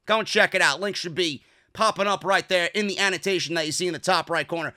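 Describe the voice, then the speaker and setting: A young man from New York hosts a wrestling review with sarcastic, profane, fired-up rants. His voice sits high for a man and has a bright, sharp edge. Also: fairly quick, few pauses. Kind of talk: ranting video review.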